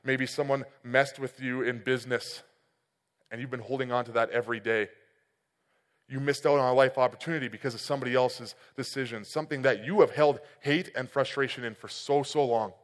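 A man in his thirties preaching a sermon, telling a personal story and swinging between loud and quiet passages. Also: medium pitch, fairly even intonation, moderate pace, in a large hall. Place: church hall.

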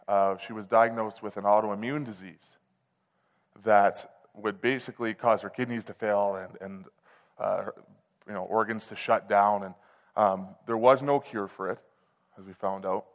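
A man preaching a sermon, telling a personal story in a candid, conversational way that swells into loud, passionate outbursts. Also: fairly low pitch. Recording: long hall reverb.

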